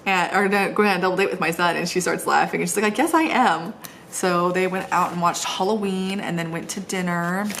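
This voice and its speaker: A woman's voice: fairly low pitch, steady tone, fairly quick, vocal fry, few pauses, a bit bright, slight background noise. A middle-aged woman chatting casually and rambling while she decorates a planner at home, poking fun at herself. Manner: chatty, rambling, self-deprecating. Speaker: planner vlogger. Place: home, seated on the floor.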